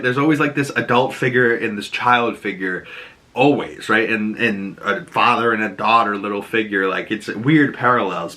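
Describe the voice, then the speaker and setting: A man with a Boston accent chatting casually as he recaps a TV episode, telling the story with animated energy, acting out the characters' lines and cursing now and then. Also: fairly low pitch.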